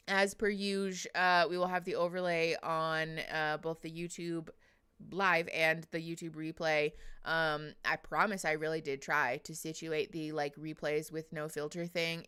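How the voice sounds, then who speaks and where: A woman's voice: low-pitched, fairly bright tone, clean tone. A woman hosting a casual livestream, chatty and emotional, reading viewers' names aloud with frequent laughs. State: teary after crying. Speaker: livestream host.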